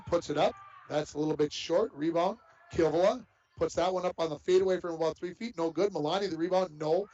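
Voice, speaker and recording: A man's voice: on the high side, a little mellow. Folksy man calling a girls' basketball game. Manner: folksy, chatty asides between plays. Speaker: play-by-play announcer. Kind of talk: live sports commentary. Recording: dull lo-fi broadcast audio with faint noise.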